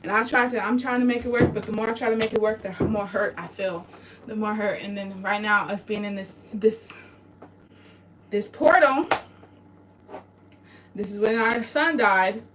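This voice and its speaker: A woman's voice: mid-range voice, moderate pace, pauses often. A woman venting through tears in a raw confessional vlog, her voice breaking as she swears and talks through grief, recorded in a home bathroom. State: tearful. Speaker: vlogger. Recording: distant mic with noise.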